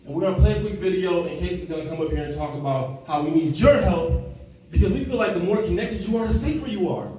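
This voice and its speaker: A man, giving an animated motivational talk on stage and acting out the people in his stories. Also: sits high, fast. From Chicago, USA. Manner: animated storytelling, acting out quotes. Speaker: community organizer and speaker. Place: large hall on stage. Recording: echoey hall, from far off, faint noise.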